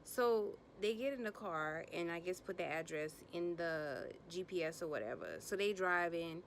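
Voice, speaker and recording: With a faint hiss or hum in the background, a woman recaps a reality TV episode at normal speed. Her commentary is blunt, slangy, and sassy, and she animatedly acts out quotes in bursts of higher pitch.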